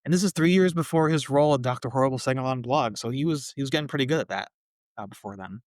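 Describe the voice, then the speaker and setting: A man's voice: mid-range voice, fast, no echo, clean studio sound. Chatty man recapping a sitcom. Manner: relaxed, chatty recap with fillers. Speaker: podcast co-host.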